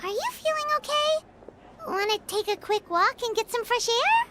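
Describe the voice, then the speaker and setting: A woman's voice: very high voice, sing-song, normal speed, heavy background noise. A woman voicing a tiny, chirpy fairy companion girl who refers to herself in the third person in a video game.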